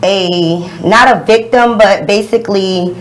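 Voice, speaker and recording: A woman co-hosting a radio show who talks in a halting way, full of fillers, as she makes announcements. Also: medium pitch, low-quality recording. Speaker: radio co-host. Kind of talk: casual radio talk.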